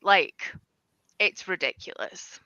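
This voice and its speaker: A young adult woman co-hosting a casual chat, talking in a halting, filler-heavy way. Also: lowish voice, lively intonation, bright, forceful tone, dry recording. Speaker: livestream co-host. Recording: dull, dry lo-fi audio.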